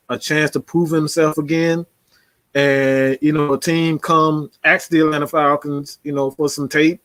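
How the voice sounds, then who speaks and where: A man's voice: medium pitch, a bit bright, no echo. A man giving casual, slangy football commentary, talking loosely with frequent laughs. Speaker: sports commentator. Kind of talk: casual sports talk.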